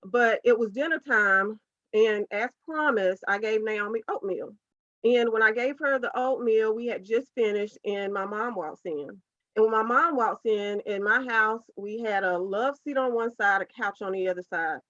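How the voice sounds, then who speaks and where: A woman's voice: medium pitch, normal speed, a bit bright, no echo. A woman, a podcast guest telling a personal story as a heartfelt, earnest faith testimony. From United States, South Carolina. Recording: dull, dry lo-fi podcast audio.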